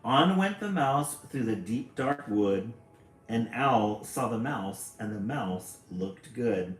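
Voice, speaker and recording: A man's voice: on the low side, sing-song, takes it slowly, slight background noise. A man reading a picture book aloud on a live stream, chatty and greeting viewers between pages. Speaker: livestream storybook reader. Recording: echoey room.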